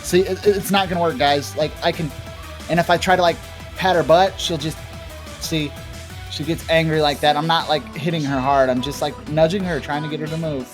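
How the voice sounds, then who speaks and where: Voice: mid-range voice, steady tone, brisk. Home-studio esports caster, chatty and rambling, over faint background music. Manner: chatty and rambling, laughing asides. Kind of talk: live tournament commentary. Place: home setup. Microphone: desk microphone with pop filter.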